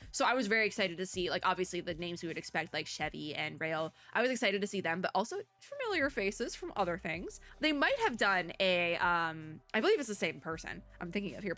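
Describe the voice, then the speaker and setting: A young woman VTuber giving casual, rambling reaction commentary, with chatty asides and bursts of high excitement.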